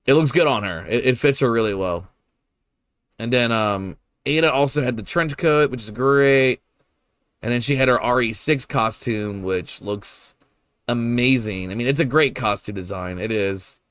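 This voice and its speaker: A man's voice: medium pitch, normal speed, a bit bright, clear, resonant tone, no room sound. A young man giving casual, rambling commentary while he streams a game, swearing freely and laughing often.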